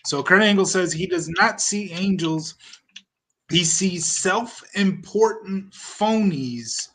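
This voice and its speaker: A man's voice: sits high, slow pace, fairly bright tone. Wry man recapping a wrestling show. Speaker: podcast host reviewing wrestling. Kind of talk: casual chat.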